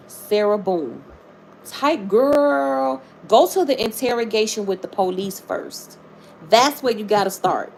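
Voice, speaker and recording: A woman's voice: lowish voice, a little mellow, a little hiss or hum. A woman hosting a live stream, talking casually and animatedly to her viewers, greeting them by name and retelling a true-crime case with plenty of swearing.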